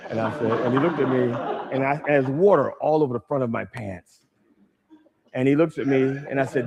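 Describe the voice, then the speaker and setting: A man telling a stand-up story, animated, acting out the people in it. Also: medium pitch, moderate pace, vocal fry, pauses often, a crowd in the background. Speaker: stand-up comedian.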